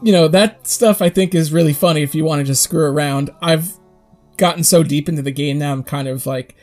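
A man co-hosting a podcast talks in a rambling, animated way, slipping into quick acted-out quotes. His voice sits a little high. Faint music plays underneath. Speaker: podcast co-host. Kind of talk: casual chat.

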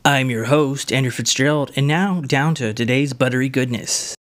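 A man's voice: medium pitch, normal speed, fairly bright tone. A man hosting his own podcast, reviewing butter in a casual, hammy way and tossing in a jokey put-on Irish "lad". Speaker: podcast host.

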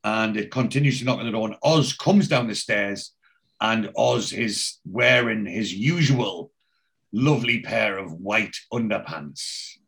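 A man's voice: fairly low pitch, measured pace, gravelly, fairly bright tone. A man, casually recapping a TV episode as a podcast host, telling it in a rambling way with many fillers.

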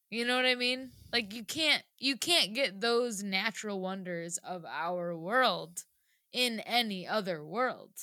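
A woman's voice: medium pitch, pushed and bright, no echo. A woman chatting casually on a podcast, giggly and full of fillers. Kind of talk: casual chat.

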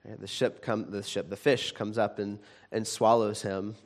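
A man's voice: fairly low pitch, moderate pace. Conversational man preaching a sermon. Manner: conversational, animated in retellings, many restarts. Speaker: pastor.

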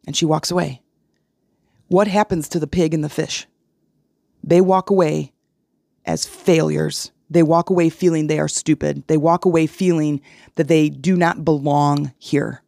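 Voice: medium pitch, normal speed, vocal fry, dry recording, studio quality. A podcast host talking solo, casual and frank, telling stories with analogies. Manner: animated storytelling with analogies.

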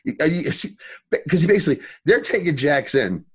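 A man co-hosting a podcast in casual chat, recapping scenes in a profane, animated way. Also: on the high side, fairly quick, breathy edge. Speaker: podcast co-host.

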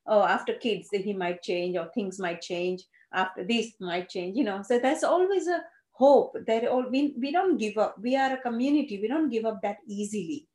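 A woman, a Gujarati speaker who tells her life story haltingly, with many fillers and restarts. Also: medium pitch, a little mellow. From India (Gujarat). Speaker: interviewee. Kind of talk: personal storytelling. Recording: roomy echo.

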